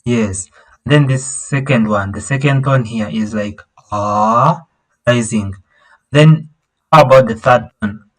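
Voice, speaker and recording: A man teaches a language lesson over a video call, patiently explaining, repeating himself, and singing out vowel sounds to show the tones. He's halting, with many fillers and restarts. His voice is medium pitch, and the recording is rough.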